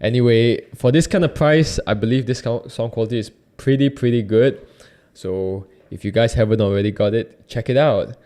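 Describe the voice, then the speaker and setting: A man's voice: mid-range voice, moderate pace, mellow. A young man, casually reviewing a microphone in a chatty, rambling way and correcting himself as he goes. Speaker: YouTube host reviewing a microphone.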